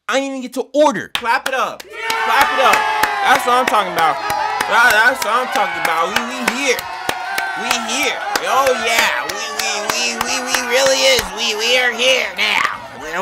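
A man giving loud, slangy play-by-play commentary on his own gameplay, yelling and whooping at the action. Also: very high voice, gravelly. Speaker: gaming channel host. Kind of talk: excited let's-play commentary.

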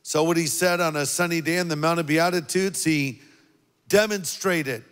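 A man preaching a sermon as a pastor, earnest and deliberate, leaning on key words. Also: a little high, a bit bright, smooth, big-room sound.

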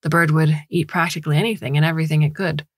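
Low, husky woman reading a story. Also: level tone, quick pace, no echo, studio quality. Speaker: story narrator. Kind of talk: scripted audiobook narration.

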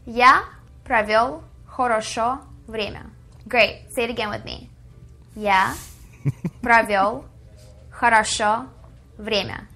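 A woman in a recorded language lesson, drilling phrases with slow repetition. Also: on the high side, pushed and bright, faint music behind. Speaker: language teacher.

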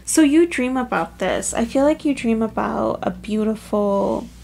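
Gravelly-voiced woman reading tarot. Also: a little high, unhurried, darkish tone, slight background noise. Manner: chatty, filler-heavy, emotional. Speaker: tarot reader. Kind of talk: casual pick-a-card tarot reading.

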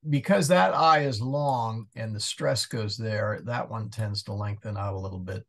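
A man's voice: fairly low pitch, moderate pace, gravelly, fairly bright tone. A man teaching a casual Latin class, thinking aloud and muttering asides while he looks things up. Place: church parish class over video call.

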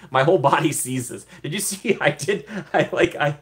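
Casually running a livestream, this young man chats, laughs often, and thanks his viewers effusively. He speaks a little slowly in a slightly high voice.

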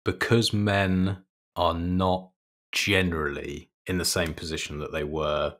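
A man's voice: low-pitched, level tone, a little slow, fairly bright tone. A man co-hosting a podcast, talking in a blunt, profane, opinionated way in casual chat. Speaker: podcast co-host.

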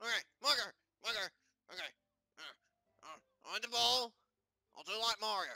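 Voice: mid-range voice, expressive, moderate pace, sharp tone, dry recording, studio quality. A performer voicing a ranting male mad scientist villain who stammers and boasts in a comic plush game video. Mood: scheming.

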